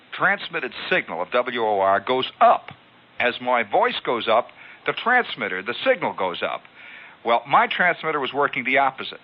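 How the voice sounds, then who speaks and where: Animated male radio storyteller, lo-fi archive. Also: mid-range voice. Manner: animated, acts out scenes with sound effects. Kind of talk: comic radio monologue. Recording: dull lo-fi archival radio broadcast.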